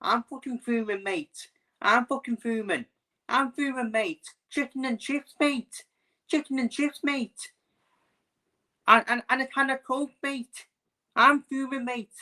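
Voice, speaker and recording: A man's voice: very high voice, steady tone, a little slow, bright, forceful tone, pitched above the performer's own voice, exaggerated voice. A man voicing a fuming young male Liverpool fan with an exaggerated Liverpool accent, ending every phrase with mate.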